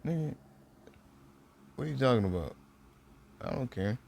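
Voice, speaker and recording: A man's voice: medium pitch, sing-song, moderate pace, creaky, darkish tone, voice pushed up. A man voicing a blunt, irritated young woman ninja in a retold fan story, barely altering his voice. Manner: curt, dismissive.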